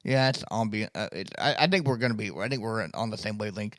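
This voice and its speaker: A man's voice: on the low side, quick pace, no echo, studio quality. A man co-hosting a podcast in casual chat, agreeable and full of fillers. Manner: agreeable, filler-heavy, lively. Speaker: podcast co-host.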